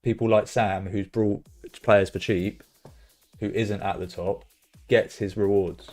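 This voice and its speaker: A young man with a British accent hosts a casual live stream, speaking in a fairly low voice. He rambles through his advice and then erupts into loud, swearing excitement over the results. Faint music plays softly behind him. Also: unhurried. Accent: British English. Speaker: streamer hosting a fantasy football stream. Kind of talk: casual live-stream chat, reading out chat messages.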